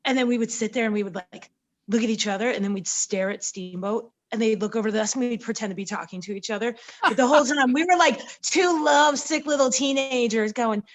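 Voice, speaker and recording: Woman, pro wrestler guest, slightly high-pitched, lively storyteller, casual interview. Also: brisk. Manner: lively storyteller, acts out quotes.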